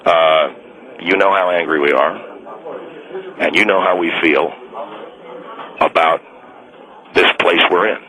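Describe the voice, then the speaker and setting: A man's voice: deep voice, steady tone, takes it slowly, pauses often, pushed and bright, heavily acted, rough recording. A man playing an indignant, fired mall Santa on a radio call-in, stubborn and self-righteous, rambling with restarts. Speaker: caller.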